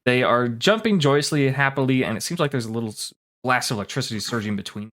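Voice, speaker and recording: A man's voice: mid-range voice, fast talker, fairly bright tone. A man narrating as game master of a tabletop game, talking casually with plenty of fillers.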